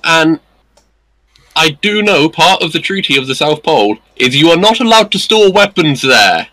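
Lively, bright-voiced man. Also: on the high side, moderate pace, dry recording, poor audio. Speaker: podcast co-host. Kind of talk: casual chat.

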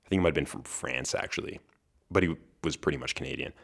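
A man's voice: extremely low pitch, fast, vocal fry, a bit bright. A young man hosting a podcast on his own, telling a story in a chatty way with frequent laughs. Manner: chatty, laughs between lines, restarts words. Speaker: podcast host. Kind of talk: casual solo storytelling.

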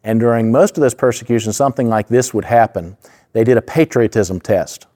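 A man's voice: mid-range voice, a little fast, mellow. A man preaching a sermon in an earnest, conversational way, full of asides and fillers. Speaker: pastor.

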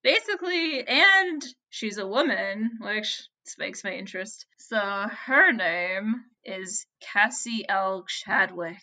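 A woman's voice: medium pitch, lively intonation, slow pace, hardly any pauses, sharp tone. A woman co-hosting a podcast, casually telling a history story with chatty asides and laughter. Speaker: podcast co-host.

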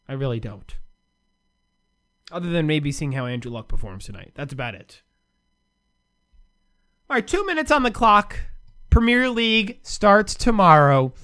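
A man's voice: sits high, very animated, moderate pace, pauses often, bright, forceful tone, clear, resonant tone. A man hosting a solo sports commentary show from the United States, ranting sarcastically with big swings in his voice.

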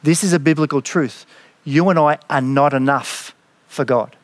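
A man's voice: on the high side, normal speed, dry recording. A man, a pastor, preaching a sermon in an earnest, reflective way and reading scripture dramatically.

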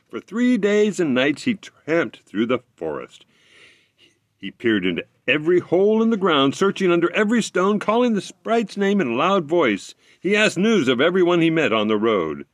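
A man reading a fairy tale aloud, expressive, with occasional slips he corrects as he goes. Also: fairly high pitch, moderate pace, no room sound, clean studio sound. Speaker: storyteller.

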